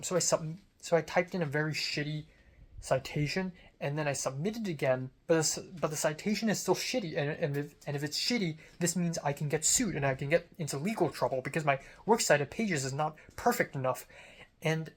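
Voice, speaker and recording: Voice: mid-range voice, fairly quick. Rambling, frustrated young student vlogger. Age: young adult. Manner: rambling, self-critical, swears freely. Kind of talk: casual venting monologue.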